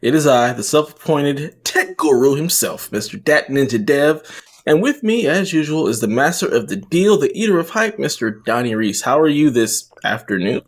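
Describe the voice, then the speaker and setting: A man's voice: a little high, very animated, normal speed. Man hosting with playful, swinging delivery. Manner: playful, grandiose intros. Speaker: podcast host. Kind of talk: casual chat.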